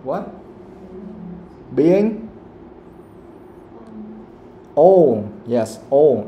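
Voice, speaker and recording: A man with a Vietnamese accent teaches an English class, repeating and rephrasing his points. His voice is warm and dark. It sounds like an echoey room. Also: mid-range voice, moderate pace, a little hiss or hum. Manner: explains patiently, repeats himself, switches into Vietnamese to clarify. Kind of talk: live classroom lesson.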